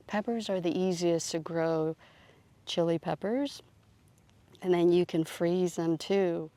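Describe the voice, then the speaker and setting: A woman's voice: fairly low pitch, vocal fry, warm tone. A woman giving a casual, chatty tour of her outdoor garden, thinking aloud as she films on a phone. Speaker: gardening vlogger.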